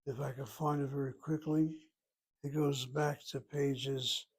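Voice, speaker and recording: A man's voice: mid-range voice, flat delivery, a little slow, husky. A man teaching a Hebrew lesson from a textbook, thinking aloud, asking himself questions and spelling words out. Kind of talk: self-study lesson, reading from a textbook.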